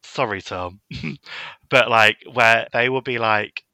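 A man's voice: mid-range voice, fairly even intonation, slow, bright, forceful tone, no echo. A young man co-hosting a podcast, teasing and cheeky in casual chat, swearing freely. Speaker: podcast co-host.

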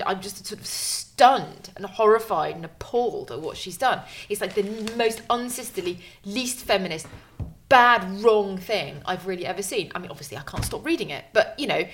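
A middle-aged woman co-hosting a podcast, chatting casually in an indignant, rambling way with halting restarts. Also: mid-range voice, a bit bright, slight background noise. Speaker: podcast co-host and journalist. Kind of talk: bickering casual chat.

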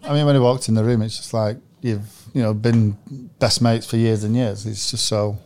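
A man co-hosting a football podcast, a former player telling dressing-room stories in a relaxed, chatty way. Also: fairly low pitch, moderate pace, a little hiss or hum. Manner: chatty storyteller. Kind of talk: casual podcast chat.

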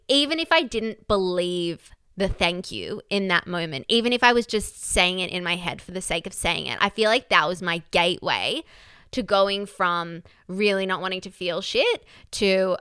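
A woman's voice: on the low side, animated, moderate pace, pushed and bright, clear, resonant tone, dry recording, clean studio sound. A young woman co-hosting a casual chat podcast, speaking candidly and reflectively, with casual swearing. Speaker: podcast co-host.

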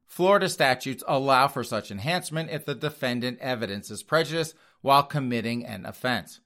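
Sarcastic male host, very lively pitch. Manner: sarcastic, addresses audience as folks, laughs often. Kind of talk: comedic news commentary monologue.

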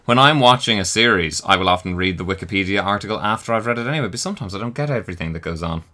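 A man's voice: lowish voice, expressive, racing, pushed and bright. A man co-hosting a podcast, chatting casually with wry, teasing asides. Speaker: podcast co-host. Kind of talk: casual chat.

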